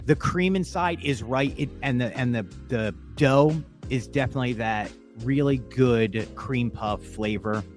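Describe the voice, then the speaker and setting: A man co-hosting a podcast in casual chat, animated and chatty with frequent fillers. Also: mid-range voice, a little slow, hardly any pauses, soft background music. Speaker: podcast co-host.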